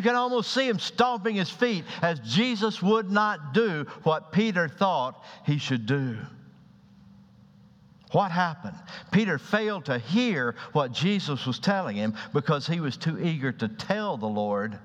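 A male pastor with a somewhat higher voice preaches a dramatic sermon, playing out scenes as he tells them. The recording is dull and lo-fi, and long reverb from a large church hall trails behind each phrase. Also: expressive, measured pace, fairly bright tone. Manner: dramatic, acts out quoted voices with rising pitch.

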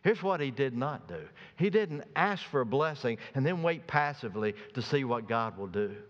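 A pastor preaching a sermon, swinging from soft, slow passages to loud, emphatic ones. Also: male voice, medium pitch, big pitch swings. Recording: dull sound with long reverb.

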